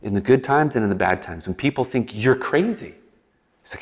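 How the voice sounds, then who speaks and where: A man preaching a casual sermon in a conversational way, acting out quick voices and animated asides. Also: mid-range voice. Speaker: pastor. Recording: long hall reverb.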